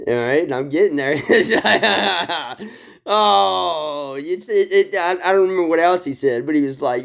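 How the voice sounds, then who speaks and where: A man's voice: fairly high pitch, unhurried, creaky, fairly bright tone. A man casually retelling a Bible story, rambling with frequent laughs, casual swearing and restarts, on a dull lo-fi recording. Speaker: video host.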